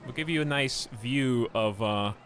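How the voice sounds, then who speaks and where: A man casually chatting through a live game stream at home, animated and chuckling often. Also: medium pitch, measured pace, a little hiss or hum.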